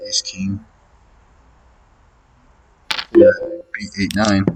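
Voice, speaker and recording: A man's voice: low voice, steady tone, measured pace, background noise. A man thinking aloud through his online poker hands, muttering his reads and swearing in exasperation at opponents' plays. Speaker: online poker player streaming his session. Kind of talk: casual thinking-aloud game commentary.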